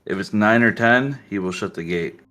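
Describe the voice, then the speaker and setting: A man's voice: on the low side, moderate pace, sharp tone, faint music behind. A man narrating as game master in casual, filler-heavy speech.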